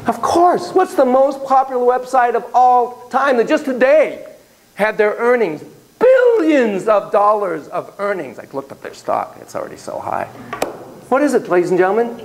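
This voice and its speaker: A man lecturing a class with a theatrical, animated delivery. He swings from hushed remarks to loud exclamations and keeps asking the students questions. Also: extremely high pitch, normal speed, a little hiss or hum, rough recording.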